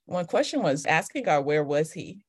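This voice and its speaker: Soft-spoken woman, lowish voice. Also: big pitch swings, normal speed, slightly rough. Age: adult with children. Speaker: guest, author. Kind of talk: reflective faith conversation.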